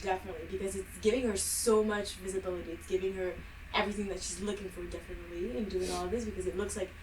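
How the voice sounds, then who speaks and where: A woman co-hosting a casual podcast chat, teasing and quick with giggly asides. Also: mid-range voice, fairly even intonation, darkish tone, recorded from a distance, slight background noise, rough recording. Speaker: podcast co-host.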